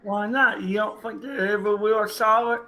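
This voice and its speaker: A man playing along with a friend puts short, plain questions to him over voice chat. His voice is high and bright. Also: fairly even intonation, normal speed, poor audio. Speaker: fellow player. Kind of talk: casual voice chat.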